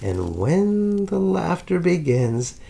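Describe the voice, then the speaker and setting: A male host narrates a historical tale in a scripted, theatrical way. His voice sits a little high and rises and falls a great deal. He stretches out tense moments with slow, deliberate pauses. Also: big pitch swings, vocal fry, mellow. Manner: dramatic storyteller, slow drawn-out suspense pauses.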